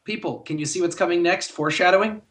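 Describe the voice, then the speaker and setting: A man co-hosting a podcast in casual movie chat, talking in an animated way with wry, joking asides. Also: sits high, fast talker. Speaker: podcast co-host.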